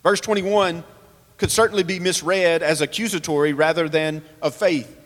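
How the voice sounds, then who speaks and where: A man's voice: fairly high pitch, steady tone, normal speed, fairly bright tone, big-room sound. A man preaching a sermon, earnest, asking rhetorical questions and reading scripture aloud. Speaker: pastor.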